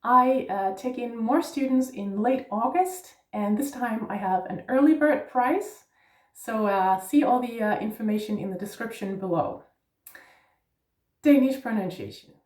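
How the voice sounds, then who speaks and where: A woman's voice: on the high side, lively intonation, a little slow, echoey room, far from the mic. A woman teaching Danish pronunciation, patiently spelling out letters and checking in with "yeah?". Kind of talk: pronunciation lesson.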